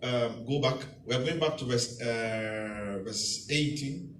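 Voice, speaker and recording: A man's voice: medium pitch, slow pace, a bit bright, a little hiss or hum. A man preaching a sermon as pastor, teaching verse by verse and repeating key phrases for emphasis. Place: church hall. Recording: echoey church hall, mic at a distance.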